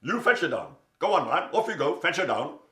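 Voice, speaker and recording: A man voicing a bossy male lion king who gives loud, brisk orders. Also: on the high side, very animated, reverberant, voice pushed up. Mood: commanding.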